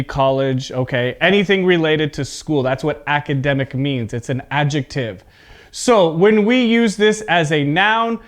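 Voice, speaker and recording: A man teaching an online English pronunciation lesson, explaining slowly and deliberately, repeating example words with exaggerated stress and checking in with "okay?". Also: a little high, fairly bright tone, clear, resonant tone.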